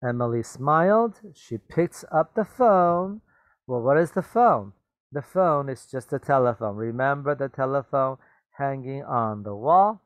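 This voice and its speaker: A man's voice: mid-range voice, expressive, moderate pace, no room sound. A man teaching a reading lesson, reading a story aloud and patiently explaining the words, often checking with "okay?" and "right?".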